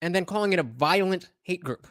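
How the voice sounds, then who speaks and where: Man, sarcastic reaction streamer, mocking tone, very animated pitch. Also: brisk, dry recording, studio quality. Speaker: commentator reacting to podcast clips.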